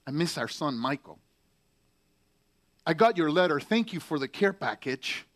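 A hurt young Marine pours out bitter, pained words in a letter home, as a preacher reads him aloud. The voice sits fairly high for a man and comes out halting and heavy with anguish. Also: sing-song, fairly bright tone. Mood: tender. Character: angry, heartbroken young male Marine writing home. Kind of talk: letter read aloud in a sermon.

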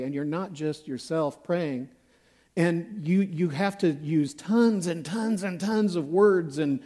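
A male pastor delivers a casual, self-deprecating sermon. His voice sits high for a man. He speaks slowly and unhurriedly, like he is chatting with the congregation. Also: dark tone. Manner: conversational, self-deprecating, acts out examples.

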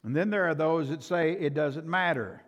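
An older male pastor preaching a sermon, emphatic and swinging from loud to soft, in a church sanctuary. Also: on the high side, normal speed. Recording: reverberant church hall.

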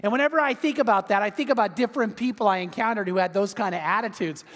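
Male pastor, sermon, animated storyteller, very high voice, long hall reverb. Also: fast talker. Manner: animated storytelling, repeats words.

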